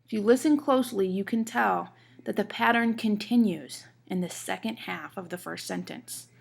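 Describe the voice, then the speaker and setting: Gravelly woman teaching step by step. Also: mid-range voice, normal speed. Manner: explains step by step, checks in with the class; reads lines aloud with marked stresses. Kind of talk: classroom lecture on poetry.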